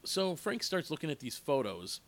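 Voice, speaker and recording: A man's voice: on the high side, normal speed. Rambling man recapping a movie. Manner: rambling, animated retelling with quoted lines and asides. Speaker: movie reviewer.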